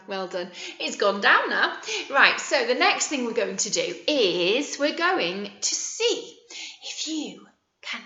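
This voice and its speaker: High, playful nursery teacher. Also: female voice. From England. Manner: playful, animated, coaxing. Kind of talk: video lesson for small children. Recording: echoey, slightly muffled room recording.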